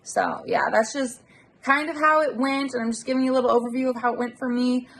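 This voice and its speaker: A woman's voice: high voice, steady tone, fast talker, fairly bright tone, a little hiss or hum. A woman vlogging from inside her car on a handheld phone, chatting casually and venting her irritation, swearing freely. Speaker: delivery-driver vlogger. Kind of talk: casual chat to camera. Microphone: handheld phone camera.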